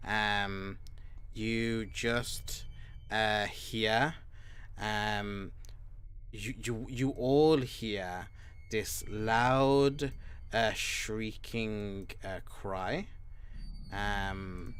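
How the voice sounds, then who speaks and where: A young man running a tabletop game as game master, narrating slowly with many ums and pauses. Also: fairly low pitch, a bit bright, clean tone. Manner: slow, halting narration full of ums and uhs.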